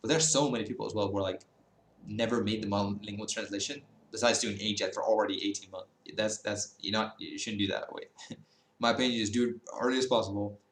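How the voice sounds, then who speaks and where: Rambling young man, low voice, echoey room. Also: steady tone, fast, fairly bright tone, slight background noise. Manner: rambling with many fillers and restarts, blunt, swears, laughs often. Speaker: language-learning vlogger. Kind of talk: casual advice monologue.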